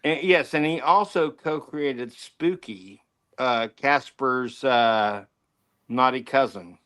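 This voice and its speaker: An enthusiastic co-host of a casual talk show likes to quiz his fellow hosts with questions. His mid-range voice is clear, resonant and fairly bright, and he takes his time.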